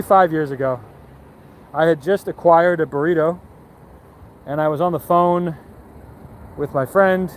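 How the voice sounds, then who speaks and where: A man's voice: a little high, slight background noise. A man streaming and answering chat, telling a story in a casual, rambling way full of fillers. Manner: rambling, filler-heavy, animated retelling.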